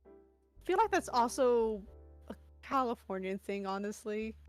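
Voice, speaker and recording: A woman with a fairly high voice chats loosely with friends, easygoing and pausing on ums as she thinks. Faint music sits behind her. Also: expressive. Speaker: co-streamer friend. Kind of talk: casual chat with friends.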